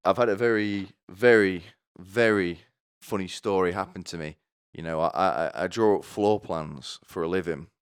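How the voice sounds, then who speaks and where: A man with a very deep, low voice tells a rambling comic story. His delivery is deadpan and crude, full of asides. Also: clean tone. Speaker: comedy vlogger.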